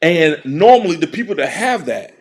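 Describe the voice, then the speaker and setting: A man's voice: on the high side, big pitch swings, normal speed, breathy edge. A middle-aged man hosting a show, giving a casual, joking commentary monologue and laughing often. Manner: joking, laughing often, mocking put-on voices. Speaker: show host.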